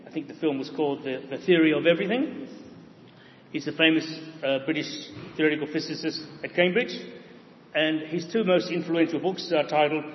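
A man preaching a sermon, with a voice pitched a little higher than most men's. He explains his points in a measured, steady way and pauses often with "uh". The sound is a bit dull and rings with a long hall echo. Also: a little hiss or hum.

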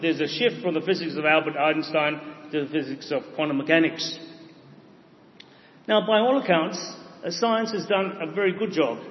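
A man preaching a sermon, with a voice pitched a little higher than most men's. He explains his points in a measured, steady way and pauses often with "uh". The sound is a bit dull and rings with a long hall echo.

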